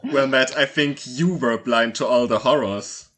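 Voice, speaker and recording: A man's voice: medium pitch, measured pace, a bit bright. A man picking apart the story's logic in a quizzical way during a casual group reading. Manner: quizzical, nitpicking. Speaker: co-reader. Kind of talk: casual riffing chat.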